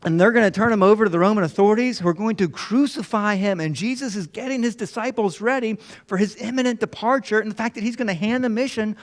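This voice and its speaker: Male pastor, high voice, chatty storytelling sermon. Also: fast talker, hardly any pauses. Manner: conversational storytelling, acting out disciples' lines. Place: church.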